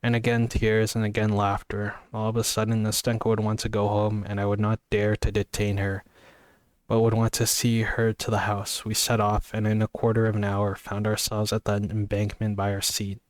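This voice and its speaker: A man's voice: fairly low pitch, completely flat delivery, normal speed, clean tone, no room sound, clean studio sound. A man casually reading a novel aloud, sleepy and yawning, stumbling over words and apologizing. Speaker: amateur reader.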